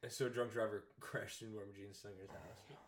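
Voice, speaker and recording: A young man co-hosting a podcast, talking in a crude, animated, joking way. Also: on the low side, moderate pace, noisy background. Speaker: podcast co-host. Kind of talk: casual chat.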